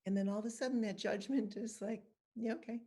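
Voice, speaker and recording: A woman's voice: mid-range voice, fairly even intonation, fast, dark tone. A middle-aged woman guest patiently explaining, step by step, how to handle judgment. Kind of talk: calm guided instruction and anecdotes.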